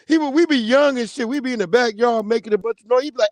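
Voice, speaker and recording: A man hosting a casual livestream, talking in an animated, slangy way and calling out viewers by name. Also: extremely high pitch, quick pace, hardly any pauses, dry recording, clean studio sound. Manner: animated, slangy, reads viewer names aloud. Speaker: livestream host.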